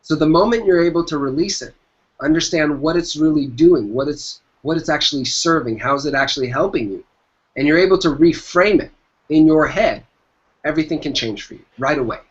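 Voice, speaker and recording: A man's voice: a little high, fairly quick. A man guest in an interview, giving motivational business advice in an emphatic way and repeating his key phrases. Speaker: entrepreneur guest. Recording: dull lo-fi sound.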